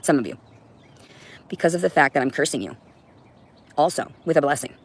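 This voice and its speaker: A woman's voice: low voice, lively intonation, brisk, breathy edge. Brief: woman streamer, agitated profane rant, preachy, talks straight to viewers. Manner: preachy, addresses viewers directly. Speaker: livestreamer. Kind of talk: livestream monologue.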